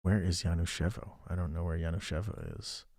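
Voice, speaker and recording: This low, gravelly, slightly mellow voice belongs to a man streaming a geography game at a fairly quick pace. He chats as he reasons aloud and thanks his viewers, recorded at studio quality with no echo.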